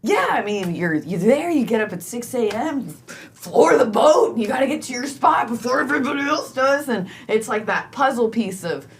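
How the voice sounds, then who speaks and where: Woman co-host telling animated stories. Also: fairly high pitch, moderate pace, few pauses. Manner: animated storyteller, acts out quoted voices. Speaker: podcast co-host. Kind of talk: comedic podcast chat.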